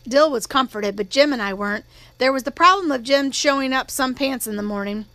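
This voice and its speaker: A woman reading an audiobook in a steady, measured storytelling manner. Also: high-pitched, no echo. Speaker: audiobook narrator.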